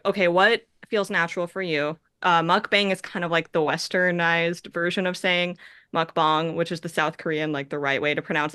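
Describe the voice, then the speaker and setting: A woman's voice: on the low side, sharp tone, clean tone, no echo, studio quality. A young adult woman director answering festival Q&A questions in a chatty, rambling way that keeps correcting itself. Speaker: film director.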